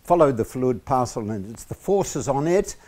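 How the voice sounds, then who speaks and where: A man with an Australian accent gives a university lecture in a mid-range, expressive, slightly mellow voice. He pauses often on fillers and slips in joking asides.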